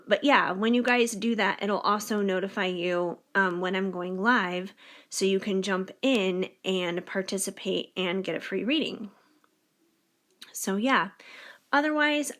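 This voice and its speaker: A woman's voice: medium pitch, steady tone, normal speed, a bit bright. A woman tarot reader talking casually to camera in a spiritual reading, encouraging and chatty with many fillers. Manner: bubbly and giggly near the end.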